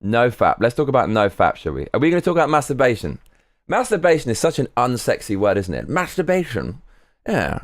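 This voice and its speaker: A man's voice: mid-range voice, sing-song, fast, no room sound, clean studio sound. Rambling, sweary guy streaming. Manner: candid, rambling, swears freely. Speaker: live streamer. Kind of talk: casual live-stream chat.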